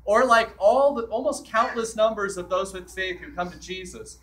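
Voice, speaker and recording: A man's voice: high-pitched, steady tone, normal speed, fairly bright tone, recorded from a distance, a little hiss or hum, poor audio. A man preaching a sermon as a priest in a church, in a conversational way that acts out the scripture quotes.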